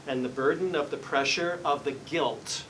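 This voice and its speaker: A psychic medium speaks in an earnest, courteous way, often excusing himself as he passes messages along. His voice sits at an ordinary pitch, and a faint background hiss and low rumble are audible. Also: normal speed, fairly bright tone, recorded from a distance, low-quality recording. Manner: earnest, polite, keeps apologizing while relaying messages. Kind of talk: live reading session. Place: hair salon, indoors.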